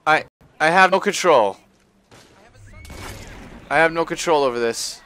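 A man giving live gameplay commentary on a stream, often frustrated and cursing with loud outbursts. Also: on the high side, moderate pace, pauses often, soft background music. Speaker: gaming livestreamer.

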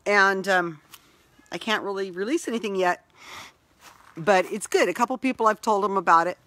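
A woman's voice: medium pitch, moderate pace, fairly bright tone, no echo, poor audio. A woman chatting casually while filming a tour of her own outdoor garden on a handheld phone, rambling as she goes. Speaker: vlogger. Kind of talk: casual chat.

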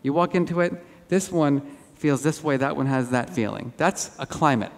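A man giving a lively conference keynote, telling animated self-deprecating stories on stage. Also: a little high, moderate pace. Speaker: keynote speaker. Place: large auditorium. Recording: hall reverb.

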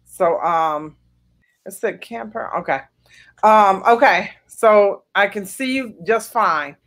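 A woman's voice: mid-range voice, slow, fairly bright tone. Woman host on a video call, easygoing chat, reassuring, lots of ums. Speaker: podcast host. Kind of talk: casual interview chat.

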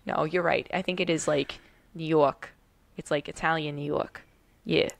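A woman's voice: sits low, fairly even intonation, normal speed, vocal fry, no room sound. A woman co-hosting a podcast, talking in a bubbly, chatty and self-deprecating way. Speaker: podcast co-host. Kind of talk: casual podcast chat.

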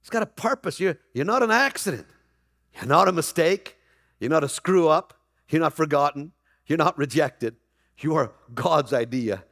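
A man preaching a Christmas Eve sermon as pastor, energetic and rising to near-shouts, with playful asides to the congregation. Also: fairly high pitch, normal speed, no room sound, clean studio sound. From Canada. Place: church hall.

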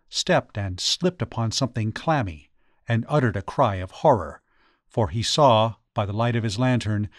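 A man narrating a ghost story audiobook in a measured, dramatic way. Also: mid-range voice, no echo, studio quality. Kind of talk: scripted narration.

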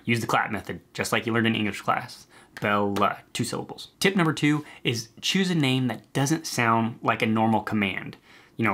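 A man's voice: mid-range voice, fairly bright tone. A man in his thirties hosting a casual advice video to camera, chatty and upbeat with loose asides. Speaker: channel host and dog breed site founder.

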